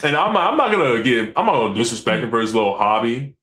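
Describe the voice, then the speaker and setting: A man, a commercial fisherman, telling stories in a casual, animated way, acting out quotes and swearing freely. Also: medium pitch, fast, few pauses. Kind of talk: casual storytelling.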